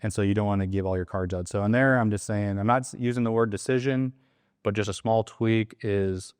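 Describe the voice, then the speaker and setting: A man with a low-pitched voice explains a sales process in relaxed, casual chat. He slips into short acted-out lines from phone calls with sellers as he goes. The sound is dry and close, with no room echo. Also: fairly quick, clean tone. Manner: acts out sales call lines in quotes. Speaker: real estate wholesaling coach.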